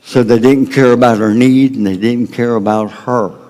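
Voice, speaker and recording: A man with a Southern US accent preaching a sermon as pastor, swinging between loud emphasis and hushed, low tones. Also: steady tone, moderate pace.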